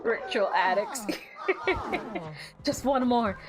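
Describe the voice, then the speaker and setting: A woman's voice: fairly high pitch, lively intonation, drawn-out words, crowd noise. A woman streaming a game with wry, joking commentary. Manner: wry, joking, sings silly bits. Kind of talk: casual gameplay commentary.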